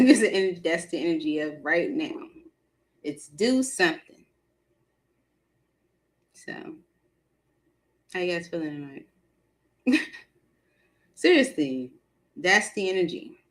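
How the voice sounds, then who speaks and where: Woman, tarot stream host, features, casual chat, laughs a lot, animated. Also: low-pitched. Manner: animated, laughs often, talks to the chat directly. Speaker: tarot reader hosting a live call-in stream.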